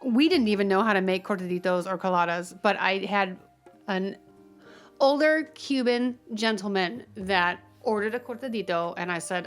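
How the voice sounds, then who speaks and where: A woman, a guest barista, talking earnestly and telling stories in a relaxed interview. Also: mid-range voice, normal speed, faint music behind. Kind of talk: casual interview.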